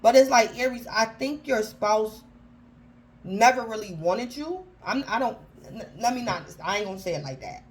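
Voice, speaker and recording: Through a low-quality recording, a tarot reader with a fairly high, expressive voice talks at normal speed in a casual, slangy way. She restarts frequently and keeps addressing her listener by their star sign.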